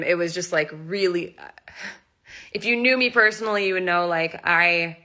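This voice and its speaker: A woman's voice: on the low side, normal speed, pushed and bright. A young woman in a casual live stream, close to tears, telling a story emotionally and rambling, with lots of "like", into a phone mic. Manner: emotional, rambling, heavy use of "like". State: near tears. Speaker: animal rescuer and channel host.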